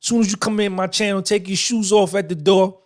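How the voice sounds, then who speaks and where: A man in his fifties hosts a livestream podcast with a high, steady voice at a slightly fast pace. He answers his chat in a boastful, profane, streetwise way.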